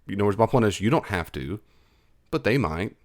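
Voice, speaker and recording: A man's voice: lowish voice, lively intonation, moderate pace. A middle-aged man with a Southern US accent, a Christian counselor giving casual, reassuring advice in reply to an email. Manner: reassuring, encouraging, conversational with repeats.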